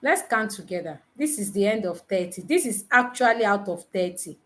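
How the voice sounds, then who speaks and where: A woman tutoring nurses in a live online lesson, teasing her students and quizzing them with repeated questions, counting aloud slowly. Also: mid-range voice, expressive, a bit bright. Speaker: nursing exam tutor.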